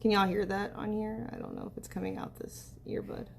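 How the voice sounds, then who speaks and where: A woman's voice: medium pitch, steady tone, fairly quick, vocal fry, slight background noise. A woman live-streaming in a casual, chatty way, talking aloud as she tests an app.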